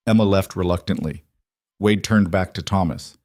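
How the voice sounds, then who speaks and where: Brief: male audiobook narrator, lowish voice, steady storytelling, dry close sound. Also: moderate pace, no room sound.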